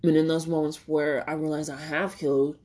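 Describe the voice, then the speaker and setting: A woman with a low voice talks through her thoughts in a loose, rambling podcast monologue. She is candid and swears freely, laughing often, and at times she sounds tearful. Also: flat delivery, a little fast, a little mellow. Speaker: podcast host. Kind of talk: reflective solo podcast monologue.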